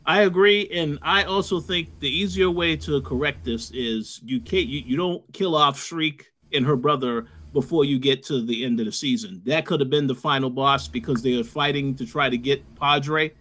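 A man's voice: medium pitch, normal speed, few pauses, a bit bright. A man co-hosting a casual TV recap, stammering at first, then reasoning things through steadily. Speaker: co-host.

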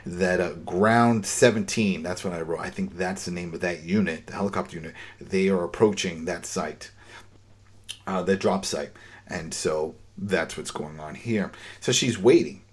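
Husky man recapping with animated retelling. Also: deep voice. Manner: animated storyteller, acts out dialogue. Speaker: podcast host recapping a TV episode. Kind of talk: casual recap talk.

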